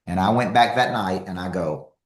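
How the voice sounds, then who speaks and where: An energetic man delivering a motivational talk to a live crowd, his voice sitting fairly low. He hammers points home by repeating them, and the sound rings around a roomy, echoing hall. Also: moderate pace. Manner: energetic, emphatic, repeats himself for effect. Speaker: motivational speaker and coach.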